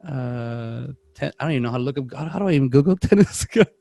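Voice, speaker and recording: A man's voice: medium pitch, lively intonation, fast, creaky, dark tone, no room sound. A young man, co-host of a podcast, telling rambling stories in casual chat and acting out the voices of people he quotes. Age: young adult.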